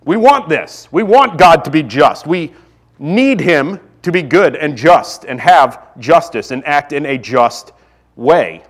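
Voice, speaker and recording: A man's voice: a little high, expressive, takes it slowly. A man in his thirties preaching a sermon in a casual, self-deprecating way that rises to fervent pleas. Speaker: pastor. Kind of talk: sermon with personal stories.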